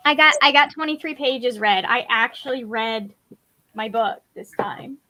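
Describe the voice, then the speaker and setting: A young woman hosts a relaxed reading chat on a video call. Her voice sits high and bright, close and dry. She talks in a chatty, self-deprecating way. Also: a little slow, no echo. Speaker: host. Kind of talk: casual chat on a group call.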